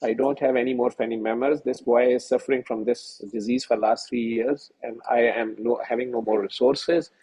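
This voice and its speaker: Middle-aged male physician, husky and mellow, halting earnest storyteller on a webinar call. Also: medium pitch, fairly even intonation, poor audio. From Pakistan. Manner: halting, many fillers and restarts, earnest. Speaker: senior physician. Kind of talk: telling a personal story in a webinar. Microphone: video call.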